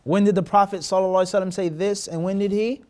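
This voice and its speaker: A man's voice: high voice, steady tone, racing, darkish tone. A man teaching a classroom hadith lesson, mixing Arabic terms into his English and often stopping to check that his students follow. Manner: asks the class rhetorical check questions. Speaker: Islamic teacher.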